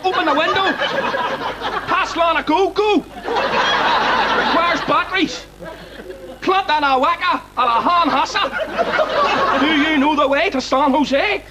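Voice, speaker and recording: An actor with a Belfast accent playing a naive young son, plaintive and whiny. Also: male voice, extremely high pitch, fairly quick, few pauses, over a noisy crowd, heavy background noise. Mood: indignant. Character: dim-witted young adult son. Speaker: sitcom character. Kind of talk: sitcom acting.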